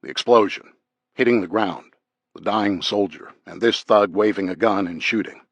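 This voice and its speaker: A man narrating a thriller audiobook in a measured, even way. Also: fairly low pitch, slightly rough, dry recording, lo-fi sound. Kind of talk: scripted narration.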